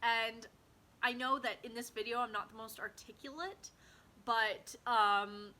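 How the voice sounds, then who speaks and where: A woman's voice: on the high side, measured pace, sharp tone, reverberant. A young woman book vlogger chatting casually and gushing about favorite moments, rambling with many likes and ums and reading passages aloud.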